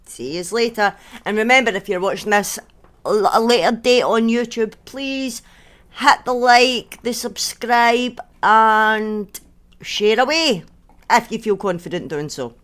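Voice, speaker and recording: A woman from Northern England co-hosting a casual horror chat show over a headset, relaxed and joking. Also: fairly high pitch, a little slow. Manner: relaxed, joking, says "aye". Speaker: podcast co-host.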